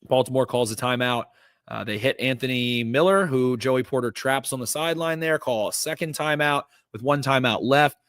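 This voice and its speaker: A man talks through football plays with eager energy and plenty of "uh"s. His voice sits at an ordinary middle pitch. The studio recording is dry and close. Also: normal speed, clear, resonant tone, no room sound. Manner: energetic, recaps plays with lots of fillers. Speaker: podcast host. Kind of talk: casual football breakdown.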